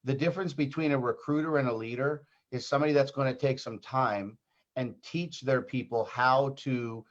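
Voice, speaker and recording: A man's voice: medium pitch, steady tone, moderate pace, lo-fi sound. A man speaking as a team leader on a livestream, earnest and insistent in his pep talk.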